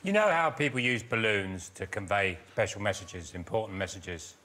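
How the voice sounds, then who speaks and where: A man doing deadpan comic bits as a panel show guest. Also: lowish voice, moderate pace. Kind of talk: comedy panel show banter. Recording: noisy studio with laughter.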